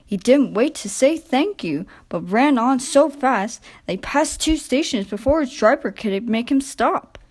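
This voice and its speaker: A woman narrates a children's railway storybook in a gentle, expressive reading voice. Her pitch sits a little high for a woman. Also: a little slow, few pauses.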